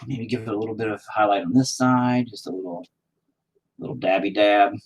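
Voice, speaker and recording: A man's voice: on the low side, steady tone, a little fast, a little hiss or hum, poor audio. A man talking casually to his viewers while he paints, cursing constantly and mocking himself as he rants. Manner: profane, ranting, self-mocking. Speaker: painting vlogger.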